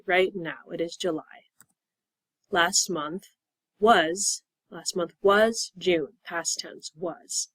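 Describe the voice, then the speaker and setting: A woman with an American accent teaching an English lesson, speaking slowly and clearly with an encouraging manner. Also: lowish voice, no echo. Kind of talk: ESL lesson.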